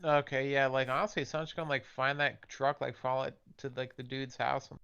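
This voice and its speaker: A man's voice: medium pitch, level tone, fairly quick, creaky, a crowd in the background. A man co-hosting a casual talk show, reacting with blunt swearing. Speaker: co-host. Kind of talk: casual chat. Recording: dull lo-fi mic.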